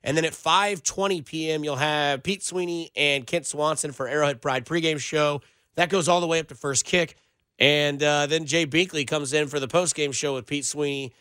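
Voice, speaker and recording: Energetic, bright-voiced sports radio host man. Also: on the high side, moderate pace, smooth, no echo, studio quality. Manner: energetic, playful. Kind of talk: radio show banter.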